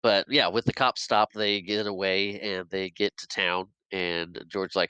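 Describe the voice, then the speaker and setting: Laughing man with a bright voice. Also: low voice, fairly even intonation, a little slow, hardly any pauses, smooth, no echo, lo-fi sound. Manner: rambling, laughs often. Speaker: podcast co-host. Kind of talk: casual film recap.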